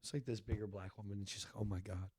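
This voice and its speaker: A man's voice: lowish voice, steady tone, fast talker, warm tone, breathy edge, no echo, clean studio sound. A man, co-hosting a podcast in casual chat, rambling and tripping over his words as he tells stories. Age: 20s. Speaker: podcast co-host. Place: studio.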